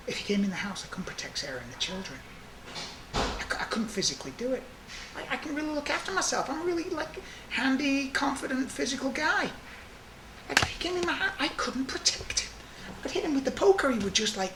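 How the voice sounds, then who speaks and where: A middle-aged man, a prison guard, telling stories in a documentary interview, animated and full of fillers. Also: sits high, moderate pace, a little hiss or hum. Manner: animated storyteller, fillers like 'like'.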